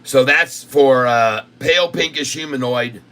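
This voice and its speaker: A man's voice: medium pitch, unhurried, a bit bright, clear, resonant tone. A man hosting live stock market commentary, insistent and repetitive as he rattles off long lists of prices. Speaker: channel host. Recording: distant mic with faint air conditioning hum.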